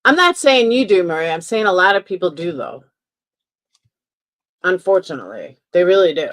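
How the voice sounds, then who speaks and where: A woman's voice: on the low side, big pitch swings, normal speed, a bit bright. A woman hosting a commentary stream, giving emphatic, opinionated reactions in a casual way. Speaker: commentary channel host.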